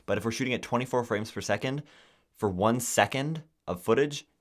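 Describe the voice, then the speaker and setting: Brisk and mid-range in pitch, this young man co-hosts a podcast, chatting casually. He tells stories with animation, performing the quotes himself.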